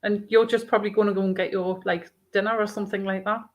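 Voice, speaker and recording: A woman with a Geordie accent co-hosting a casual live-stream chat, soft-spoken and quiet. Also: mid-range voice, flat delivery, fast. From England. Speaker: co-host.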